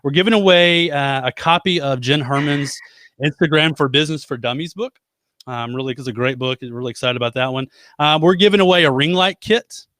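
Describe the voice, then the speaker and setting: A man's voice: fairly high pitch, fairly quick, fairly bright tone, no room sound. A man hosting a casual live web show, rambling and joking about himself as he chats with his co-host. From United States. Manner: chatty, rambling, self-deprecating jokes. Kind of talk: casual live-stream chat.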